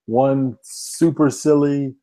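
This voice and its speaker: A man on a casual movie podcast, relaxed and enthusiastic as he recommends films. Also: mid-range voice, slow pace, dry recording. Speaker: podcast co-host. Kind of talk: casual chat.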